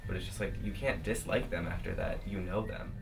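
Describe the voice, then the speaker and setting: A man's voice: low-pitched, fairly even intonation, a little fast, creaky, far from the mic, soft background music, low-quality recording. A young male student speaking casually in an interview, rambling and full of "like.". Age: teens.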